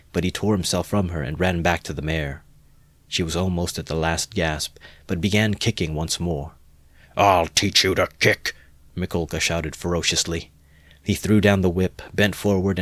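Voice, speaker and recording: A man narrating a classic novel in a steady, measured amateur audiobook reading. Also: deep voice, no room sound.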